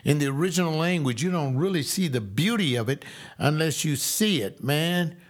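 A man's voice: fairly high pitch, lively intonation. Folksy emphatic preacher man. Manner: folksy, emphatic preaching with slow stressed repeats. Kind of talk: sermon.

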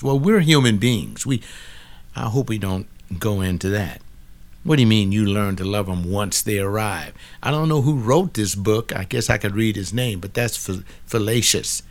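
An older man with a medium-pitched voice comments casually on a book, sounding blunt and preachy. He often argues with a listener who isn't actually there.

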